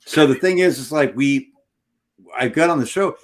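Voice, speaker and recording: A middle-aged man, a high school teacher, telling a long, animated anecdote in casual chat with restarts and loud bursts. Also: moderate pace. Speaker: podcast co-host. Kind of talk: casual storytelling on a sports stream.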